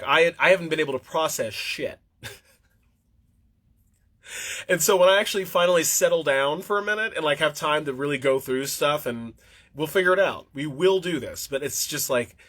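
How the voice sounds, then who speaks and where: Bright, tired-sounding rambling male host. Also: fairly high pitch, moderate pace. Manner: profane, rambling, blunt. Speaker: livestream host. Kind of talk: casual rambling livestream monologue.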